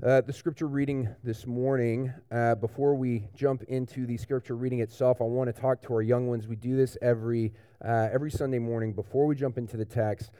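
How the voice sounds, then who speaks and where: A man preaching a children's sermon in church, telling a picture-book story in a lively, animated way to the young ones. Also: mid-range voice, fairly quick, hardly any pauses, clean tone, dry recording, studio quality. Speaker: pastor.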